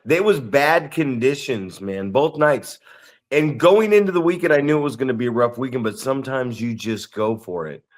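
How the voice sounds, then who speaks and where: A man's voice: medium pitch, expressive, normal speed. A man co-hosting a podcast, telling a story in casual chat, rambling and restarting his sentences. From Northern California. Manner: rambling, restarts sentences, acts out quoted people. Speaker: podcast co-host.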